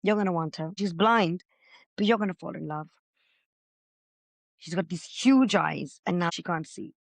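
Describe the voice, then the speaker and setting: A middle-aged woman, a podcast guest, telling her own story with feeling, loud and gregarious by her own account. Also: on the low side, normal speed, gravelly, no room sound. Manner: expressive, says she is loud and gregarious. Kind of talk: emotional personal storytelling.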